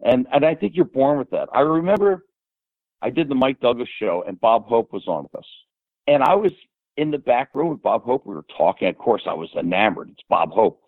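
An older man as a podcast guest, rambling and animated as he tells stories and quotes people. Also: medium pitch, brisk, dry recording. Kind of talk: casual storytelling. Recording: tinny phone-like line.

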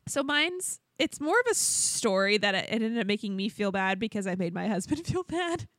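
A young woman co-hosting a podcast, telling a story in casual chat and acting out the quotes in a high voice. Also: sing-song, moderate pace, a bit bright, no echo, clean studio sound. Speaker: podcast co-host. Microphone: podcast studio microphone.

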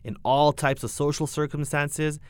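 A man reads scripted documentary narration in a calm, explanatory manner. His voice is plainly recorded, dry and close. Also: a little high, moderate pace, clear, resonant tone, dry recording. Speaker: podcast narrator.

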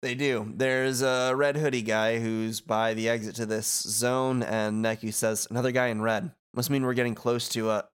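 A man's voice: medium pitch, level tone, moderate pace, few pauses, clear, resonant tone. A man co-hosting a casual podcast, reading game dialogue aloud with a dry, teasing manner. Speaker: podcast co-host.

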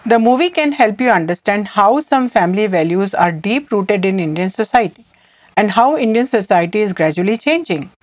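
A woman's voice: medium pitch, expressive, a little mellow, dry recording. Woman teaching phrases in a dry recording. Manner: reads phrases, then repeats them slowly word by word. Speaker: language teacher co-host. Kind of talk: scripted language lesson.

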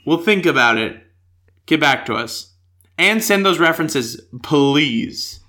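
Giggly bright-voiced woman host. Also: sits low, expressive, takes it slowly. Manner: giggly, self-deprecating banter. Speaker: podcast host. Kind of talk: casual podcast chat.

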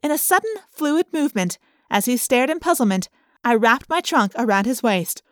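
Woman narrator, slightly high voice, expressive and playful; dry audiobook read. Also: normal speed, dry recording.

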